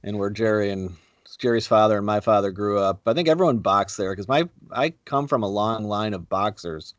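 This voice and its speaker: A middle-aged man co-hosting a podcast, talking in a laid-back, halting, wry way. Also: fairly low pitch, no echo, lo-fi sound. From Buffalo, New York. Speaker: podcast co-host. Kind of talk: casual chat.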